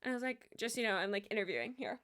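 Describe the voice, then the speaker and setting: A woman's voice: mid-range voice, sing-song, very fast, fairly bright tone. A young adult woman streaming, chatting casually with a rambling storytelling manner, lots of fillers and easy laughter. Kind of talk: casual chat while gaming.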